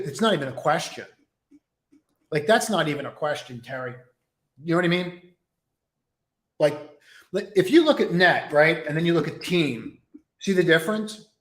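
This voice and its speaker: A man talks through stock charts on a live stream in a loose, conversational way. He uses plenty of fillers and calls out viewers by name. His voice sits a little high and carries an echoey room sound. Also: expressive, moderate pace. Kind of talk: casual live-stream market commentary.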